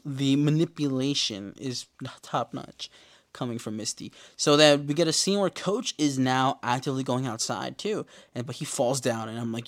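Laid-back man recapping a TV show. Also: medium pitch. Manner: slangy, laid-back, quick asides. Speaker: TV episode recapper.

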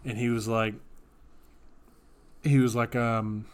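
A man's voice: medium pitch, slow, smooth. A man co-hosting a podcast, telling absurd made-up stories with a straight face in casual chat. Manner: deadpan, straight-faced storytelling of absurd tales. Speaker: podcast co-host.

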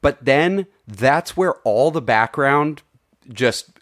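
A man's voice: medium pitch, lively intonation, slow pace, a bit bright. A man co-hosting a casual film review podcast, rambling with lots of filler and swearing freely. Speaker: podcast co-host reviewing films. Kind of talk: casual chat.

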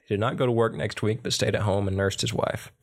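Male podcast co-host, lower register, plain casual read-aloud of a ghost story. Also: fairly even intonation, quick pace. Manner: reads a folk tale aloud with small slips and restarts. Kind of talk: casual chat and story reading.

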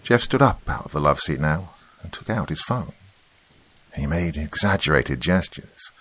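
A man's voice: very deep voice, animated, normal speed, fairly bright tone, slightly rough. A man narrating a first-person story in a wry, matter-of-fact way.

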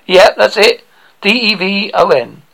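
A man's voice: high voice, a little slow, gravelly, pushed and bright, rough recording. A man from England with a Devon accent, hosting a radio show and chatting with a guest in a joking, storytelling way. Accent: Devon English. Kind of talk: casual interview chat.

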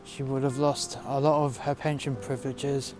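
Standing outside in bitter cold, a man tells a heated, profanity-laced story about a dispute at work. His voice sits in the mid range, and he speaks flatly at a moderate pace. It's casual storytelling, with background noise and music running under his words.

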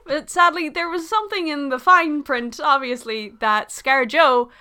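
A woman co-hosting a podcast in casual chat, agreeable and quick to laugh. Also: high-pitched, bright, forceful tone, a little hiss or hum. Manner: agreeable, laughs easily, fillers. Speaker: podcast co-host.

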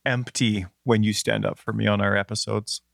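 A man's voice: fairly low pitch, little pitch movement, moderate pace, creaky, a bit bright, dry recording, studio quality. A man from Canada with a Canadian accent, co-hosting a casual gaming podcast in a joking, self-deprecating way. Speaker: podcast co-host.

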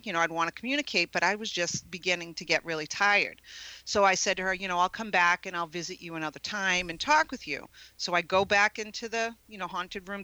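A middle-aged woman, telling a ghost story as a radio interview guest, animated and laughing often. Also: lowish voice, no room sound, rough recording. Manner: animated, laughs often, acts out quoted voices. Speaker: guest paranormal investigator.

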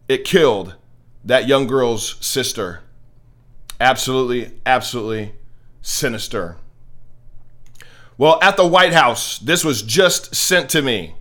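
A fairly high-voiced American man delivering a fervent political commentary monologue as host. He preaches with conviction and often stumbles and repeats words before a point lands. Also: a bit bright. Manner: impassioned, preachy, repeats words when starting a thought. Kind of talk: opinionated monologue.

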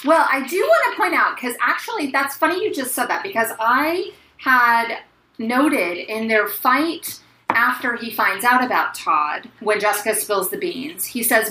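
A woman's voice: on the high side, animated, measured pace, roomy sound, over music, poor audio. A woman co-hosting a casual book discussion, reflective and hesitant at times. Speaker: podcast co-host.

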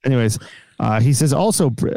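A man's voice: medium pitch, lively intonation, brisk, gravelly, mellow, no room sound. A man hosting a podcast, reading news stories in a crude, joking casual chat. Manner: crude, joking, laughs often. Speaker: podcast host.

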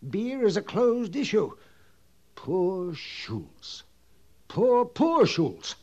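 A jittery frontier storekeeper in a vintage western drama, his fairly high voice leaping and sinking as he frets. He lingers over his words, leans into grand phrases and then hushes to a whisper. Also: very animated, takes it slowly, highs cut off, heavily acted. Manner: fretful, theatrical, drops to whispers. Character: fussy nervous middle-aged male army-post storekeeper. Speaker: sutler running a fort canteen.

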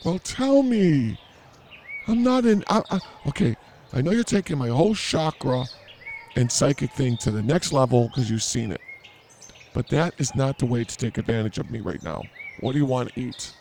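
A man's voice: medium pitch, animated, fairly quick, creaky, a little mellow, a little hiss or hum. A man hosting an improvised comedy podcast outdoors at a zoo, teasing his co-host with mock outrage and rambling jokes.

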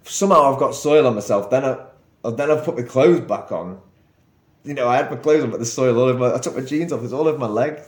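A man's voice: mid-range voice, quick pace, echoey room. A young man telling a story on a podcast, rambling and laughing as he goes. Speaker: podcast co-host. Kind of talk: casual storytelling chat.

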